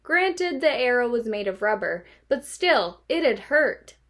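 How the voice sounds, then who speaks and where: Teacher reading a chapter book aloud to students, bright higher voice, expressive. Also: female voice, a little slow. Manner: expressive, lively read-aloud.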